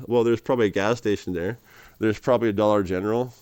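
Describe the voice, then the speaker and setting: A man's voice: fairly low pitch, steady tone, quick pace, a little mellow, clear, resonant tone, no room sound, muffled recording. A man rambling casually to camera as a vlogger, laughing often and calling the listener dude and man.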